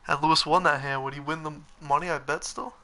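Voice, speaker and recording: A man's voice: on the high side, fairly even intonation, quick pace, sharp tone. A young man playing a game with friends, easygoing and defensive when teased. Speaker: co-player. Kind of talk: casual gaming chat.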